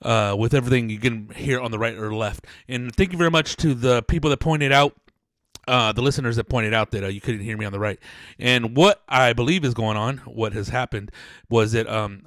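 A man's voice: medium pitch, no room sound. A man hosting a casual solo podcast, rambling and playful, often restarting and correcting himself, close on a directional vocal mic. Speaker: podcast host. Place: small home studio.

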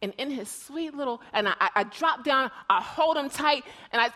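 A woman preacher giving an emotional sermon, telling stories and often repeating words as she swings between hushed and loud. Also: high-pitched, lively intonation, moderate pace.

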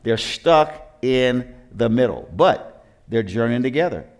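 A man's voice: medium pitch, animated, measured pace, a little mellow. A man preaching a sermon as pastor, telling the story in a conversational way with rhetorical questions and frequent restarts.

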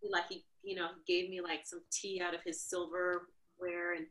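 A woman from New York, a dancer and podcast guest, telling lively stories in casual conversation and acting out the people she quotes. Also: normal speed. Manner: animated, acts out quotes with big jumps in pitch. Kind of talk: casual storytelling interview.

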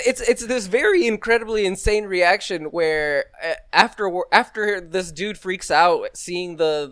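A man chatting casually with friends, telling a story in an animated way and acting out the quotes. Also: high voice, clean tone, no room sound, studio quality. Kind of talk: casual chat.

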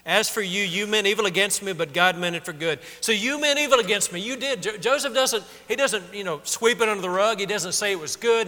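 A man's voice: sits high, brisk, few pauses, bright, forceful tone, long reverb tail. A man preaching a sermon in a conversational way, acting out the people in the story with rising feeling. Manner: conversational, acts out quotes with rising emotion. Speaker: pastor.

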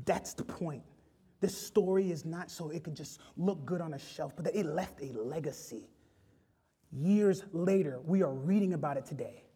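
A man's voice: on the high side, moderate pace, warm tone, husky. A man preaching an impassioned sermon, rising and falling in intensity. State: choked up with emotion.

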